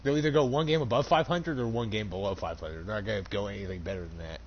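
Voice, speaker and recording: A man's voice: lowish voice, fast talker, highs cut off, slight background noise. A young man, a store cashier, casually telling a heated, profane story with laughs while gaming.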